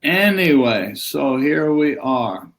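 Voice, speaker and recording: A man's voice: medium pitch, expressive, slow, creaky, a bit bright. A man teaching a live-streamed yoga lesson in a rambling, conversational way, chatting with viewers as he goes.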